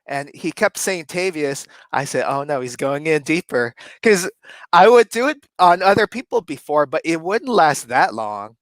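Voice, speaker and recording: A man's voice: a little high, very animated, normal speed, fairly bright tone, dry recording. A man co-hosting a casual chat, animatedly telling a story and laughing often as he talks. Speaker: co-host.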